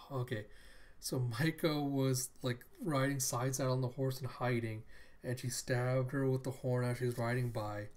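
A man of middling pitch talks through a comic book scene by scene in a relaxed, conversational retelling. He keeps backing up to fix a name or detail partway through a sentence, and he never sounds scripted. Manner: chatty, retells scenes loosely and corrects himself mid-sentence. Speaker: comic book reader and commentator. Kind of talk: casual read-through narration.

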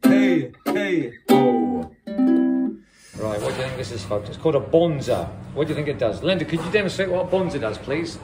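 A man's voice: medium pitch, animated, a little fast, loud music behind the voice. A Scottish man vlogging around shops with a phone camera, chatting jokily to his viewers. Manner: jokey, chatty, addresses viewers as folks. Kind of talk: casual vlog chat. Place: shops, indoors.

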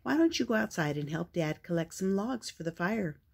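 A woman voicing a patient mother dog in a storybook, gentle and motherly. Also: lowish voice, animated, moderate pace, vocal fry, slightly rough, heavily acted.

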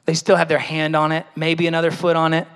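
A man preaches a personal testimony in a relaxed, storytelling way, often acting out what others said. His voice sits high and sounds bright and forceful. The sound carries the long reverb of a large church hall. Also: fast talker, clear, resonant tone. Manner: storytelling, conversational, acts out quoted voices. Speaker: speaker at a church service.

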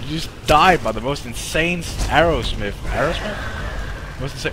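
A young man streaming a game live, swearing and reacting excitedly while chatting to his viewers. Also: a little high, moderate pace, noisy background. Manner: excitable, swears a lot, talks to chat. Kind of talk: live gameplay commentary.

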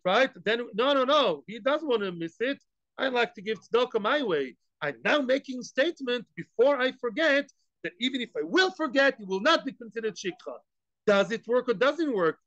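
A man teaching a daily Talmud class, animated, asking rhetorical questions and acting out the case. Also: sits high, no echo, highs cut off.

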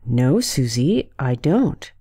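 Storybook: woman as a patient mother, gentle, calm, unhurried. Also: rumbling low, husky, full character voice. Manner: calm and reasoning. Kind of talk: storybook reading.

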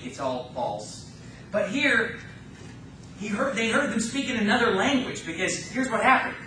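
A man pastor preaches with fervor, slowing down to read scripture and speeding up to scoff at other churches. His voice is high and sharp. It rings around an echoey church room with a faint hum behind it. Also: distant mic. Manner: fervent preaching, scripture quoted slowly, mocking asides. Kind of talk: sermon. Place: church sanctuary.

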